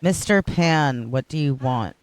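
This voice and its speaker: Man, casual livestream gamer, chatty, clear voice, dry close mic. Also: medium pitch, lively intonation, unhurried, no room sound. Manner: rambling, chatty, self-correcting. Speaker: streamer. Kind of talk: casual gameplay livestream chat.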